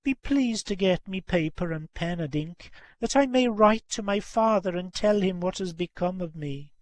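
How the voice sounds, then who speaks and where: A man's voice: high voice, lively intonation, normal speed, no room sound. A man reading aloud as a tearful young woman who earnestly implores her parents to recognize her. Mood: pleading. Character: young woman, pleading lost daughter.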